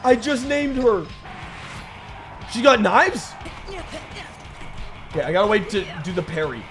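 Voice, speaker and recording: Excitable high-voiced gaming streamer. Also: male voice, measured pace, music in the background. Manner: excitable, joking, reacting to gameplay. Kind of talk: let's play commentary.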